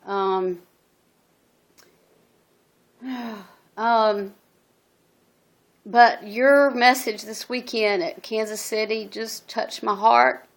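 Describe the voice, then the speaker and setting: A middle-aged woman telling her story as a single mother in a personal video message, halting and earnest, with many ums and restarts. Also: medium pitch, steady tone. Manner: earnest and emotional. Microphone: phone.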